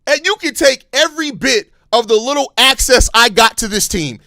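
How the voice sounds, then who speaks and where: A man with a very high, bright, forceful voice hosts a live sports podcast. He rants with passion and heavy profanity. The sound is close and dry. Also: moderate pace, hardly any pauses, dry recording. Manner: impassioned, heavily profane ranting; calmer, apologetic stretches between outbursts. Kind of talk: live-stream sports fan commentary.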